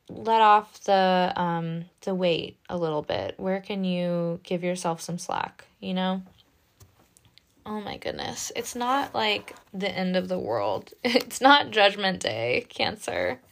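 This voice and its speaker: A woman giving a casual spoken tarot reading in a gentle, reassuring, chatty way, often tagging her lines with "right?". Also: mid-range voice, gravelly. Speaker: tarot reader.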